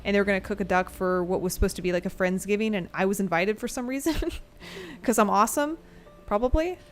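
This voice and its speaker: A woman streams a game, speaking quickly at a medium pitch as she rambles through a story between fights, laughing often and swearing casually. It's casual gameplay commentary and storytelling, with slight background noise.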